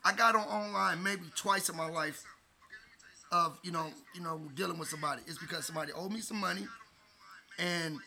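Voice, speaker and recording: A man's voice: sits high, vocal fry, pushed and bright. A man in his forties, a co-host in casual chat, telling stories in a laid-back, slangy way. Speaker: podcast co-host.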